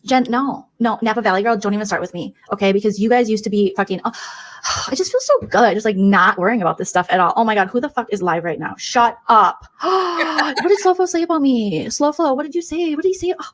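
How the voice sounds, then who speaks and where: A self-absorbed 54-year-old livestreamer gossips at breakneck speed, as a woman puts her on, her voice sitting a touch high. She gasps, swears and flips between sugary greetings and spiteful digs. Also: natural voice. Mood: catty gossip. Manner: rapid, gossipy, gasping, swearing, mock-innocent. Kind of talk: comedic impression of a livestream.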